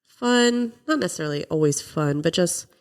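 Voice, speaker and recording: A young woman with a low voice, nasal and congested from a cold, co-hosts a casual podcast. She talks in chatty bursts and laughs easily. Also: lively intonation, moderate pace, clean tone. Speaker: podcast co-host. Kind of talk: casual chat.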